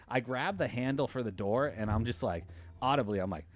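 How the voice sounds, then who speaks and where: A man co-hosting a podcast who tells a story in casual chat, swears freely and jumps into a high voice when he quotes people. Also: fairly quick. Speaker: podcast co-host.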